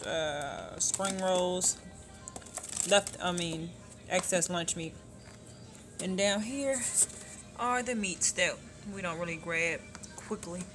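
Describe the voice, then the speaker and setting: Chatty woman narrating her home chores. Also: mid-range voice. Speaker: family vlogger. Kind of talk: casual home vlog. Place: home kitchen and laundry room.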